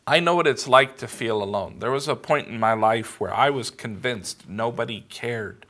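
A man preaching a sermon as pastor, earnest and measured, leaning on emphatic pauses. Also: medium pitch, a bit bright.

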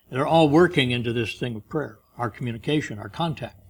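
A man preaching a sermon, pressing key phrases slowly and loudly, then dropping quiet for stories. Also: medium pitch. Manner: emphatic, slows and rises on key phrases, drops soft for stories.

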